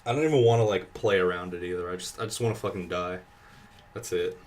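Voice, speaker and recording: A young man commentating his own gameplay, exasperated and swearing, thinking out loud, sweaty and dry-mouthed. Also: deep voice, fast talker. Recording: slightly distant mic with keyboard typing. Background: faint keyboard typing.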